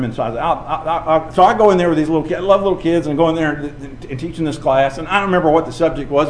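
Give me a fairly high-voiced man preaching a lively sermon. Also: echoey room, slight background noise. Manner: storytelling, animated, acts out quoted voices.

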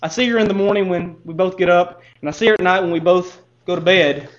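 A man's voice: high voice, fast, highs cut off, lightly acted. A man playing a frustrated husband who stammers as he complains to a counselor about his wife. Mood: complaining. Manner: stammering, exasperated pleading.

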